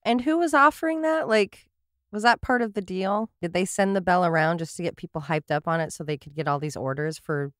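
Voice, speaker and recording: A woman's voice: lowish voice, a little fast, dry recording, studio quality. A woman co-hosting a podcast, reacting with curious questions, laughter and playful quotes. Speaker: podcast co-host.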